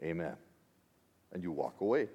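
Slow-preaching man in a reverberant hall. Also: mid-range voice, lo-fi sound. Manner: expressive, swings between hushed asides and emphatic declarations. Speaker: pastor. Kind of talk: sermon. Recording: long reverb of a large hall.

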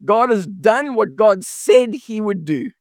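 A man's voice: high-pitched, expressive, slow, no room sound, studio quality. A man preaching a sermon in an earnest way, often restarting and repeating words as he explains. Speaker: pastor.

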